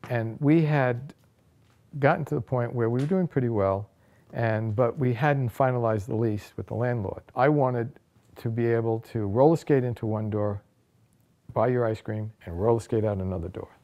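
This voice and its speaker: A man, an author, telling a first-person story from his own life, his voice rising and getting louder at the dramatic moments. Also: medium pitch, moderate pace, muffled recording. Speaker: author recounting a personal anecdote.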